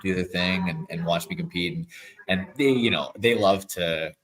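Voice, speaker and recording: Deep voiced guy in his 30s, laid back rambly chat, lots of likes. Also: normal speed, poor audio. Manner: relaxed, rambling, many "like" fillers. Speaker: guest athlete. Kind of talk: casual interview talk.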